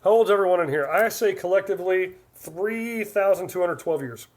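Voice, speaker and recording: Chatty man in his forties, higher voice. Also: normal speed. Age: 40s. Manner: rambling, chatty, reads chat aloud. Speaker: livestream host. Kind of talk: casual live-stream chat.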